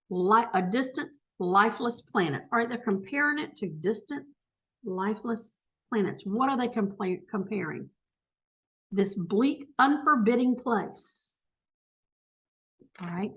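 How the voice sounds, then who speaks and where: A woman teacher thinking aloud as she works through test questions, correcting herself and talking through each step. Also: medium pitch.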